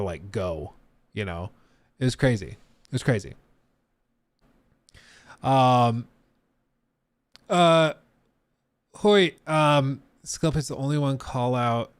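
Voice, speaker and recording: A man's voice: medium pitch, dry recording. A man streaming live, talking casually and answering his chat, with frequent fillers and trailing asides.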